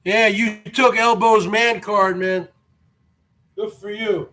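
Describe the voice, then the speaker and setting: This home vlogger, a man in his forties, speaks slowly in a high-pitched, steady voice that's bright and forceful. His mocking rant wanders and repeats, with "man" drawled at each line's close.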